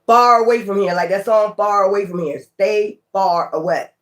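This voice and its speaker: A man giving a casual tarot reading to his viewers, blunt and profane, talking in an animated way. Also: sits high, normal speed. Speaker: tarot reader.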